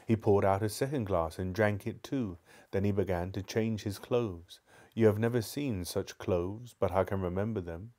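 A man's voice: lowish voice, steady tone, normal speed, warm tone. A man reading a children's novel aloud live, sometimes stumbling and restarting lines. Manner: stumbles and restarts, apologizes to viewers. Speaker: book reader.

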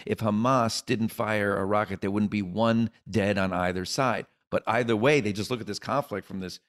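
A man's voice: lowish voice, fairly even intonation, normal speed. Rambling middle-aged male comedian. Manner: rambling, joking, many restarts and asides. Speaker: comedian guest. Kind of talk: casual interview chat.

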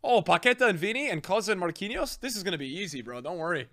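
Streamer: male, bright and lively voice, sarcastic play-by-play with frequent outbursts. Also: sits high, fast talker, slight background noise. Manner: sarcastic, bantering, often shouting at the game. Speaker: gaming streamer. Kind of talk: live gameplay commentary.

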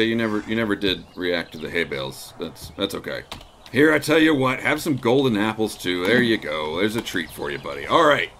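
A man casually commenting on his own gameplay as host, talking to his animals and breaking into excited shouts in big moments. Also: medium pitch, a little hiss or hum. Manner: chatty, talks to his pets, bursts into excited shouts.

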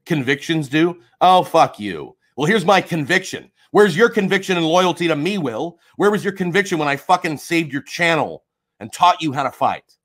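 A man's voice: on the high side, animated, moderate pace, a bit bright. A man ranting on a live stream in a heated, profane and confrontational way. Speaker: livestreamer.

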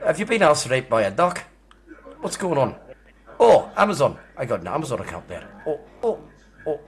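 A man in his sixties with an Australian accent, baiting a scam caller with crude, mocking insults and sudden furious shouting. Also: fairly high pitch, very animated, moderate pace. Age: 60s. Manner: foul-mouthed, mocking, bursts into furious shouting. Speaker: scam baiter. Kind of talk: crude prank call.

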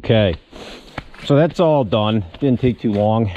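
A man in a casual how-to vlog, explaining step by step in a relaxed way while he works on his truck outdoors. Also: fairly low pitch, measured pace, lo-fi sound, background noise. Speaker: small business owner showing a truck equipment setup.

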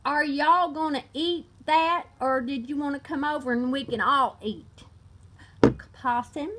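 A woman's voice: high voice, measured pace, very noisy. A woman in her sixties putting on a Southern US accent as a rambling rural woman who eats roadkill possum. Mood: folksy. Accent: Southern US, put on.

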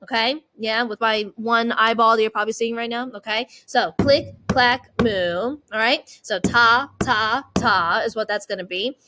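High-voiced encouraging music teacher woman. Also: a little slow, hardly any pauses, noisy background. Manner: encouraging, checks in with okay. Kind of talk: online music lesson, rhythm chanting.

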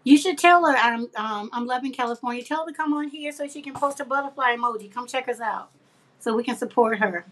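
A woman's voice: fairly high pitch, fast, a bit bright, slight background noise. A woman hosting a craft livestream, chatting casually and affectionately with viewers, reading their comments aloud and laughing often.

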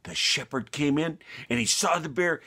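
A man reading a bedtime story aloud to children with a moral at the end, animated and homespun, often turning to the listener with asides. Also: fairly high pitch, normal speed, vocal fry, husky.

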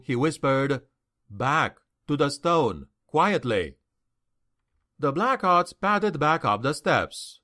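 A medium-pitched male audiobook narrator reads a fantasy novel aloud with expressive storytelling.

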